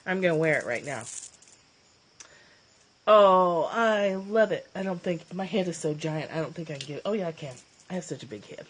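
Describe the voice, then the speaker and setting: A woman chatting casually on a phone livestream, her slightly low voice choked up with tears. She gushes warmly, laughs often and keeps clearing her throat as she talks. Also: expressive, moderate pace. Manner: emotional, teary and gushing, with frequent laughs and throat-clearing. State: teary, choked up. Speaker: livestream host, former therapist.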